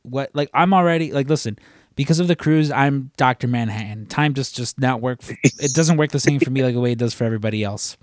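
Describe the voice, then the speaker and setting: A man co-hosting a podcast speaks quickly in a mid-range voice, captured in a dry recording. The talk is casual chat, rambling and full of fillers and restarts.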